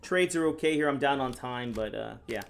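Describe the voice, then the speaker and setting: A man from the United States commenting live on his own chess games, reading viewer questions aloud and answering in a casual, deadpan sarcastic way. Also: medium pitch, a little fast, creaky. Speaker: chess streamer and National Master. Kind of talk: live-stream commentary while playing.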